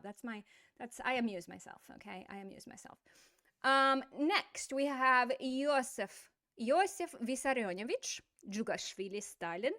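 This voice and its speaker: A middle-aged woman leads an online language lesson with a slightly high voice. She explains in a playful, animated way and slips in quick asides to amuse herself. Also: no room sound, clean studio sound. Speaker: language teacher.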